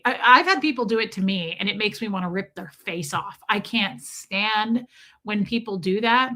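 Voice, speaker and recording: A woman's voice: medium pitch, moderate pace, bright, forceful tone. A middle-aged woman hosting a casual livestream, chatting with opinions and greeting viewers by name as she reads their comments. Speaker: livestream host.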